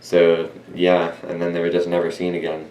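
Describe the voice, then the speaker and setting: Deep-voiced young man rambling in echoey room. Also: completely flat delivery, normal speed, darkish tone. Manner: rambling, self-correcting, many fillers. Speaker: video reviewer. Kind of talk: casual review monologue. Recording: roomy echo.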